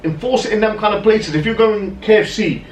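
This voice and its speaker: A man co-hosting a podcast, telling stories in casual, animated chat full of "right?" asides. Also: high-pitched, a little fast, distant mic, dull audio. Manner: animated storyteller, lots of "right?" and "yeah?" asides. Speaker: podcast co-host. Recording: roomy echo, off-mic, faint noise.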